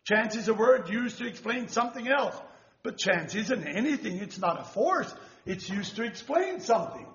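An older man preaches a rambling sermon in a fairly high voice, searching for his words and checking that his listeners follow. The recording is dull and lo-fi, and the room echoes around him. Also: lively intonation, moderate pace, a bit bright. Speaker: lay preacher.

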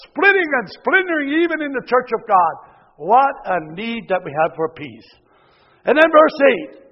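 A man preaching a sermon, swinging from loud exhortation to hushed near-whispers, often repeating words and restarting. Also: very high-pitched. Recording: dull lo-fi recording with long hall reverb.

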